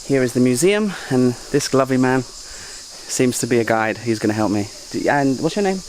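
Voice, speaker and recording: A man of ordinary pitch talking into a handheld camera on a travel vlog, chatty and excitable with joking asides. He is outdoors, and insects, crickets and passing traffic are clearly heard behind him. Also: normal speed. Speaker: travel vlogger. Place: outdoors on mountain roads and in a jungle park.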